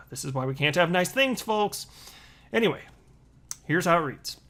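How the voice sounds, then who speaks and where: Brief: male video host, slightly higher voice, casual sarcastic commentary, animated with frequent asides. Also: unhurried. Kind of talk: casual commentary reading tweets and articles.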